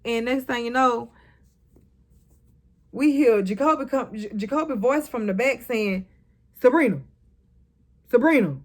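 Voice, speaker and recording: Speaking a little slowly with long pauses, this young woman has a voice on the high side as she recaps a TV episode for her vlog. Her style is blunt, sassy and casual, full of swearing and retorts aimed at the characters.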